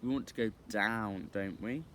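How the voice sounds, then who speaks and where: A man voicing a curious, brisk and confident young boy in an audiobook reading, with a bright, lightly raised boyish voice. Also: lowish voice, slight background noise.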